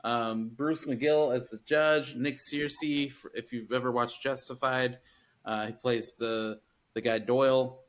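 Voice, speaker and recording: Southern US man, podcast host, halting casual delivery, mid pitch. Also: steady tone. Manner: hesitant, many fillers and restarts. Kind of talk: casual chat.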